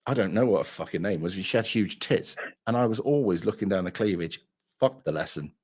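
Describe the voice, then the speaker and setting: A man's voice: low voice, animated, fairly quick, darkish tone, husky. A hungover man, hosting a livestream and chatting crudely, swearing and rambling. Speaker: livestream host. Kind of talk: crude casual chat.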